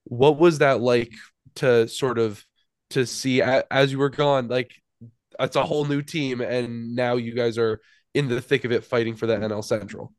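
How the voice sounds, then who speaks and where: A man's voice: mid-range voice, fairly even intonation, moderate pace, dry recording. A man co-hosting a podcast, asking long, rambling questions in a loose, casual way. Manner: rambling questions, laughs along often. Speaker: podcast co-host. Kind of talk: casual interview.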